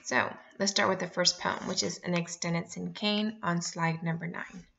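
Brief: woman teacher, low gravelly voice, patient explaining, lo-fi computer mic. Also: fairly even intonation, a bit bright. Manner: clear and instructive, reads poems aloud, slows down to explain. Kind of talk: remote lesson.

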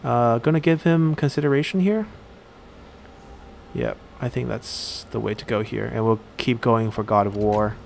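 A man giving casual let's-play commentary while he plays a strategy game, thinking aloud and pausing often on fillers. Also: mid-range voice, creaky, slight background noise. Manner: thinks aloud, halting with frequent "uh".

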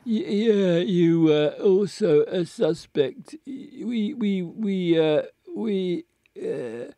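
A man voicing a drunk undercover agent who stammers heavily and talks slowly. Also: sits high, animated, dark tone, dry recording, heavily acted. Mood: drunken. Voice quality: slurred, heavy stammering. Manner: slow, halting, deluded.

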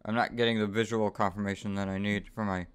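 A man giving let's-play commentary on a horror game, swearing constantly, trash-talking the game's characters and bursting into sudden yells of frustration. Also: fairly low pitch, flat delivery, fast, clear, resonant tone. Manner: profane, frustrated outbursts and sudden yelling. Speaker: gaming YouTuber.

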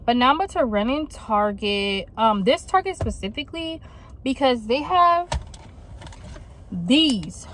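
Driving in her car, a woman chats and rants in casual, slangy everyday talk for her vlog. Her voice sits on the high side, fairly bright, with lively intonation and a slightly slow pace, and there's a bit of background noise.

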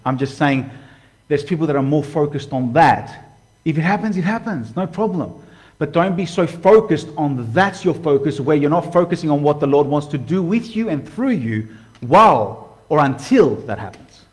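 A man with a high voice preaching in a loose, animated way. He talks straight to his viewers and calls them "guys." He slips into quoted voices as he goes. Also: normal speed. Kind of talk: casual sermon to camera.

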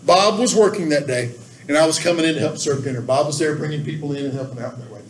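A man's voice: a little high, quick pace. A man giving a church volunteer training talk, folksy and earnest, stressing key rules with emphasis. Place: church room. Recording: echoey room, distant mic, faint background noise.

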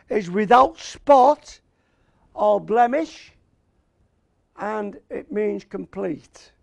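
Slow, gravelly preaching man. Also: high-pitched, a little mellow, no room sound. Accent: Australian. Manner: slow and emphatic, repeats key words, asks "Amen?". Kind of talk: sermon.

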